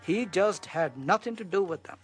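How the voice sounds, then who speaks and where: A man's voice: sits high, animated, normal speed, faint music behind. Earnest, accusing male author in an interview.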